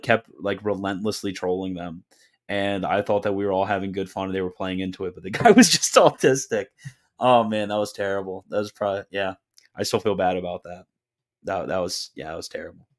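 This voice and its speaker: A young man with a deep, low voice hosts a livestream Q&A. He reads chat questions and tosses back offhand, deadpan answers with a joking edge. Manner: offhand, deadpan, quick jokey replies. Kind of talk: casual livestream Q&A.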